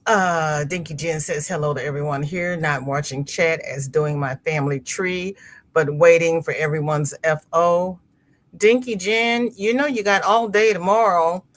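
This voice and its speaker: A woman's voice: low voice, a little slow. A woman hosting a crochet livestream, chatting casually as she reads viewer comments aloud, laughing often and repeating words as she goes. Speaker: livestream host. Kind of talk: casual live chat reading comments.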